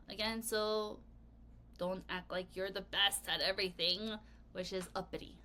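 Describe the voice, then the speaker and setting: A woman English teacher presenting a vocabulary lesson video, playful and expressive, leading students in repeating words after her. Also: mid-range voice, moderate pace. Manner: playful, expressive, leads choral repetition.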